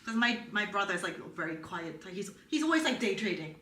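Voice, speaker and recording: A young woman co-hosting a live podcast, chatty and quick to laugh. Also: mid-range voice, sing-song, sharp tone, reverberant, distant mic. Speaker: podcast co-host. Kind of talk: casual chat.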